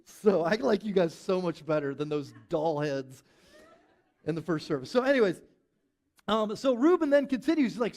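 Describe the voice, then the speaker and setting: Man, pastor, sermon, high voice, animated, storytelling, church congregation. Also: moderate pace. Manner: animated, storytelling, acts out quotes. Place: church service with live audience.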